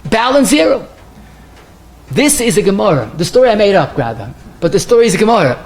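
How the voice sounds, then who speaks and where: A man, a rabbi, giving a Torah lecture, telling stories in an animated way with wide swings of pitch and pace. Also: fairly quick. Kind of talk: lecture sermon with told stories.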